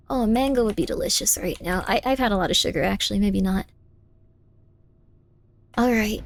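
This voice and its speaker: A woman live streaming a game, chatting casually with her viewers in a playful, teasing way, insisting on things over and over and breaking into squeaky high protests. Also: moderate pace, long pauses. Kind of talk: casual live-stream chat while gaming.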